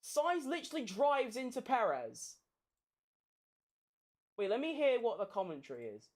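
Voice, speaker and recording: A woman commentating a race watchalong live, sweary and excitable. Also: a little high, moderate pace. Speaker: streamer hosting a race watchalong.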